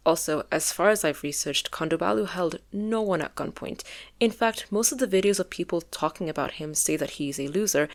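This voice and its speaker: A young woman giving opinionated casual commentary as a video essayist, with lots of fillers. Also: low-pitched. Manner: opinionated, filler-heavy, conversational.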